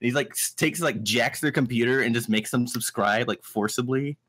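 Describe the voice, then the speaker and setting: A man's voice: mid-range voice, moderate pace, a bit bright. Young man, podcast guest, casual chat, rambling, filler-heavy. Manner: rambling storytelling with many fillers. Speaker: podcast guest, video reviewer.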